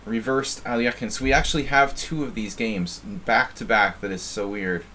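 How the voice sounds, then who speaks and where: A man's voice: lowish voice, fairly even intonation, moderate pace, pushed and bright, a little hiss or hum. A man from New Jersey giving casual live-stream chess commentary, thinking aloud and often repeating words as he muses. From New Jersey, USA.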